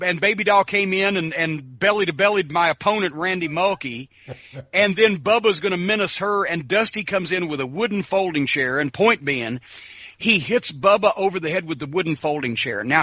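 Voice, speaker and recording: High-pitched, animated man telling stories. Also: husky, no echo. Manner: animated, profane storyteller who acts out quotes. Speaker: podcast co-host. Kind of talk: casual storytelling. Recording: dull lo-fi sound.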